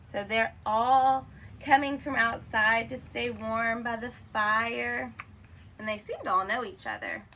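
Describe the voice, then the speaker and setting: A woman teacher reads a picture book aloud to children. Her slow, expressive delivery pauses for questions, and her voice has a slightly high, bright tone. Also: slight background noise, poor audio. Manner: expressive, asks the listener questions.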